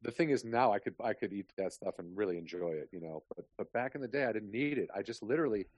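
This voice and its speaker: A low-voiced man hosts a podcast over a remote call, telling a meandering story and swearing freely. The sound is dry, with no room around it. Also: lively intonation, quick pace, a little mellow, breathy edge, no room sound. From Chicago area. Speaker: podcast host. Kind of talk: casual chat.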